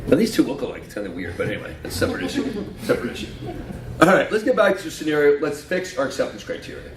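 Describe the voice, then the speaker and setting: At a conference, a man jokes and quizzes the audience while walking through his slides. His slightly high voice races along with huge pitch swings. He was recorded from far off in an echoey hall, with faint noise.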